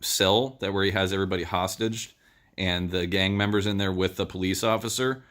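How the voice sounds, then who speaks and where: A man's voice: low-pitched, steady tone, fairly quick, fairly bright tone. A man giving a casual movie review, rambling through the plot with lots of "uh" and "um". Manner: rambling plot retelling with many fillers.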